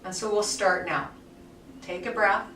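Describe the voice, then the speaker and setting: A woman yoga teacher guiding a somatic movement class with soft, soothing cues. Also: mid-range voice, measured pace, a little hiss or hum. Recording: echoey room, mic far off, faint music.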